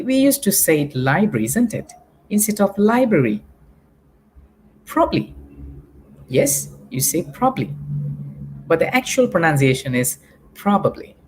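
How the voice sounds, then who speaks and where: A Malaysian man teaching a live online English lesson, patiently drilling spelling and pronunciation for primary pupils. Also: a little high.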